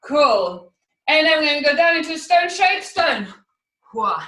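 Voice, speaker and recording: This high-pitched woman has a sharp tone and a sing-song lilt, keeping a moderate pace as she teaches an online acrobatics class for children. Counting, naming moves, and making animal sounds, she runs the video class from a room at home. The audio is echoey, with her well back from the mic.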